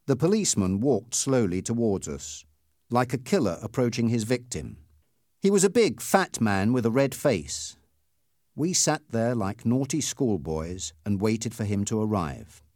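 Lively male storyteller, dry read. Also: unhurried, dry recording. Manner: lively storytelling with wide pitch swings. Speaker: audiobook narrator. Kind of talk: scripted first-person narration.

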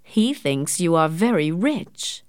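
A woman's voice: low-pitched, very animated, takes it slowly, darkish tone, no room sound, exaggerated voice. A woman doing a dry, sarcastic doctor father. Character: sarcastic stern middle-aged father, a doctor.

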